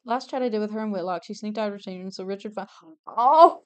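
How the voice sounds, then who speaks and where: A woman's voice: mid-range voice, fairly even intonation, very fast, a little mellow, clean tone. A young adult woman streaming while she draws, chatting casually, gushing over characters and swearing freely, often trailing off mid-sentence. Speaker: streamer drawing commissioned art. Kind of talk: casual livestream chat while drawing.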